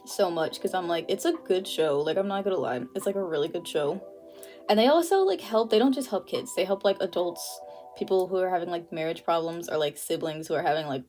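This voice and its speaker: A young woman hosting an art livestream, chatting casually while she draws, full of fillers and frequent laughter. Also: fairly low pitch. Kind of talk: casual chat while drawing. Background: faint music.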